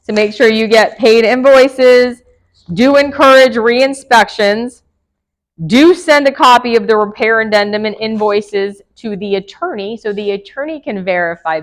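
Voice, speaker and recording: Woman broker, higher voice, chatty lecture to a room of agents, quick laughs. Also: low-quality recording. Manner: chatty, laughs often, asks the room questions. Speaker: real estate broker teaching agents. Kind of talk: casual classroom lecture.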